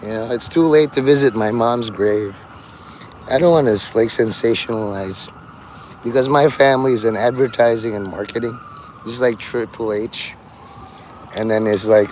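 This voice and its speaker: A man's voice: mid-range voice, normal speed, poor audio. A man livestreaming from a city street, rambling in casual chat with profane, darkly joking asides. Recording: loud street traffic noise. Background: vehicles and city ambience.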